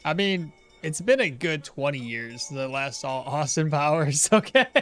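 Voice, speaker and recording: A man with a notably high voice talks loosely over a live game stream. He rambles off into side stories, trails off mid-thought and chuckles often. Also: animated, a little slow, a bit bright, soft background music. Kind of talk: casual live-stream chat while playing.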